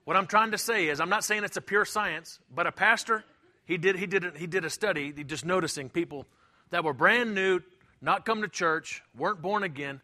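A middle-aged man preaching a sermon in a high, bright voice. He talks with emphasis and repeats his points. Now and then he acts out the voices of the people he quotes. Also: fairly quick. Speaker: pastor.

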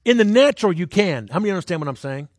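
A man's voice: expressive, racing, dry recording. Conversational male preacher, dry sound. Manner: conversational, asks the crowd questions; jumps into high voices when acting out people. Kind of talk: sermon with personal stories.

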